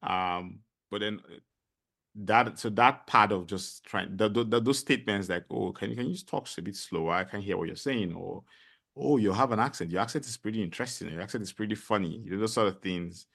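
A middle-aged man with a Nigerian accent, a podcast guest telling stories in a casual interview, animated and full of fillers. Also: fairly low pitch, a little fast, gravelly. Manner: animated storyteller, many fillers.

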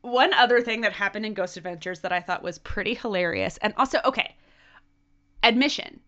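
A woman co-hosting a podcast, telling a story in casual chat with lots of "like" and quick acted-out quotes. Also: medium pitch, bright, forceful tone, muffled recording. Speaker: podcast co-host. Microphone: headphones.

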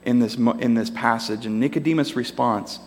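In a large hall with a long reverb, a pastor delivers a sermon, narrating with animation and putting on voices for the characters. His medium-pitched voice is a bit mellow and he talks a little fast.

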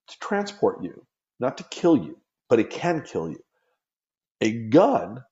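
Man, middle-aged, from the United States, emphatic interview guest, dark tone, muffled sound. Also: medium pitch. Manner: earnest, emphatic, repeats words when pressing a point. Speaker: gun safety activist guest. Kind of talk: impassioned interview talk.

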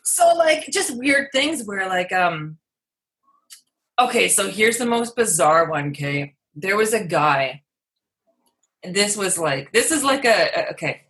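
Giggly rambling woman, bright voice. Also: medium pitch, animated, takes it slowly. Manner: rambling, giggly, self-deprecating. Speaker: comedian guest. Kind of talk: casual podcast chat.

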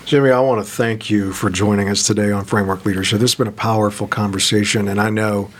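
Low voice guy hosting a leadership podcast, kinda rambly, lots of uh and you know. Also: fairly even intonation. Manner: rambling, halting, full of fillers. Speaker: podcast co-host. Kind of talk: interview hosting.

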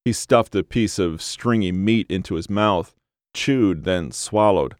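A man reading a scripted horror story aloud in a measured, grim, dramatic way. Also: low voice, no room sound, studio quality. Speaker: narrator.

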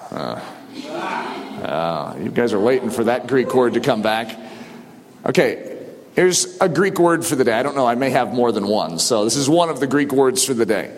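Man preaching, shouting bursts, echoing hall. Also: mid-range voice, animated, moderate pace, slight background noise. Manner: swings from quiet to shouted exhortation. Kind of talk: sermon.

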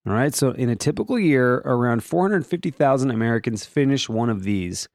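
A man's voice: a little fast, no echo, studio quality. A man hosting a daily solo podcast, chatting casually in a rambling, jokey way. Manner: rambling, jokey, animated, swooping pitch. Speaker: podcast host.

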